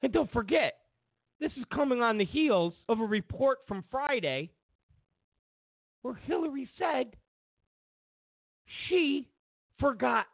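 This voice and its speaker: A man's voice: extremely high pitch, big pitch swings, takes it slowly, creaky, pauses often, no echo. A man hosting a political commentary show, mocking and sarcastic, repeating lines for emphasis. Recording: tinny phone-like sound.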